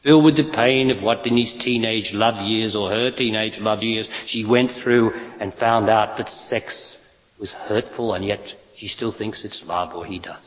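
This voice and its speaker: A man's voice: lowish voice, steady tone, a little slow, muffled recording. Blunt man teaching in an echoey hall. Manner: emphatic, blunt, rhetorical questions. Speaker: spiritual teacher. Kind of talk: spiritual talk to an audience.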